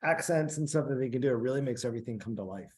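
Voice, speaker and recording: A man's voice: medium pitch, rapid-fire, darkish tone. A man co-hosting a podcast, chatting casually in an upbeat way with lots of filler words. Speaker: podcast co-host. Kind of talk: casual chat.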